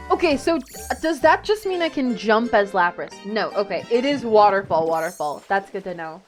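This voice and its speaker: A young woman streaming a video game, chatting casually and excitedly into a desk mic. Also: mid-range voice, moderate pace. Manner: excitable, chatty, gasps and laughs often. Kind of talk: casual live-stream chat while gaming. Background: game music.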